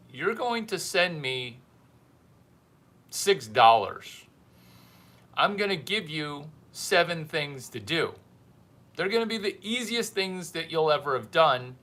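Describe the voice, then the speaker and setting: A man with a slightly high, bright, forceful voice hosts a casual livestream. He talks slowly and bluntly, teasing his viewers and repeating his lines for comic effect. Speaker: livestream mentor host.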